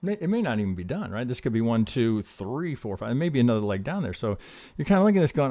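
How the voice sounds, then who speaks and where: A man's voice: mid-range voice, very animated, quick pace, warm tone. A man teaching trading on a live stream, talking casually and profanely and asking rhetorical questions as he goes over charts. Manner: talks himself through charts with rhetorical questions. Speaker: trading educator.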